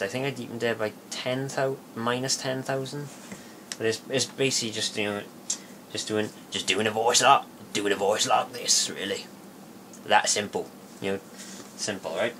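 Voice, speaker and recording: A man giving a casual spoken tutorial, rambling and halting with many fillers and restarts. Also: medium pitch, a bit bright, a little hiss or hum. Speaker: video tutorial maker.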